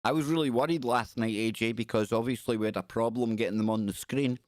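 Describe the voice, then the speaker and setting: A man's voice: medium pitch, steady tone, fast, dry recording. A Scottish man hosting a live call-in radio show, chatting loosely and reading news stories aloud with rambling asides. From Scotland.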